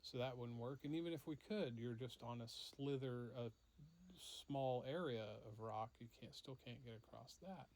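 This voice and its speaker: A man casually telling a story to his child, relaxed and unhurried, with lots of fillers, acting out the parts as he goes. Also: mid-range voice.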